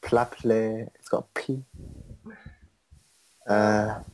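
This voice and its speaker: A man's voice: fairly low pitch, level tone, very slow, darkish tone. A man chatting casually while playing an online drawing game, drawling and self-deprecating, laughing along. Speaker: co-host of gaming channel. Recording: faint background noise.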